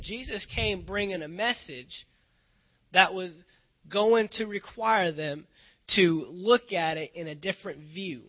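A man's voice: high voice, slow. A male pastor preaching a sermon, earnest and emphatic, often repeating phrases for weight. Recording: dull lo-fi recording.

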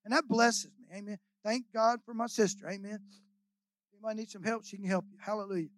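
A man's voice: high voice, fairly even intonation, brisk, a bit bright, dry recording, low-quality recording. An older man, a guest pastor preaching a sermon in a folksy, emotional, rambling storytelling way full of hallelujahs and amens.

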